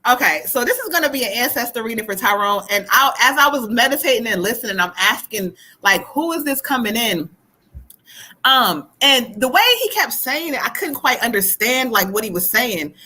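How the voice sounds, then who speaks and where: Bright-voiced woman giving a live tarot reading. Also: a little high, animated, normal speed, husky, low-quality recording. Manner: chatty, laughs often, relays spirit messages. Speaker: psychic reader.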